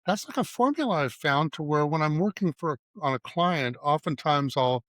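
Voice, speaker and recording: A man's voice: on the high side, animated, moderate pace, a bit bright, no room sound. A middle-aged man, an advertising writer, telling stories in a casual interview and acting out bits of dialogue. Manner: anecdotal, acts out dialogue in quotes. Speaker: guest, advertising writer and creative director.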